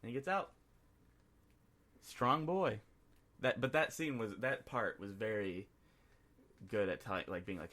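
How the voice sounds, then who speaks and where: Male podcast co-host, lowish voice, rambling casual recaps. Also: a little slow, pauses often, a bit bright. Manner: rambling, acts out scenes in quoted voices. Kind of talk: casual movie review chat.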